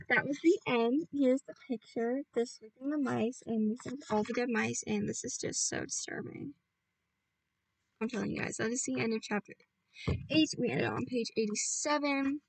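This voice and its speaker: A woman's voice: a little high, creaky, dry recording, far from the mic, rough recording. A woman reading a children's book aloud chapter by chapter, with casual asides to her listeners. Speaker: audiobook reader.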